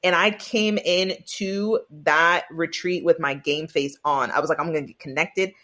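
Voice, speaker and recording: Animated, low-voiced woman telling a story. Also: moderate pace. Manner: animated storyteller, acts out quoted dialogue. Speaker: marketing agency owner, guest. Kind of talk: conversational interview, storytelling.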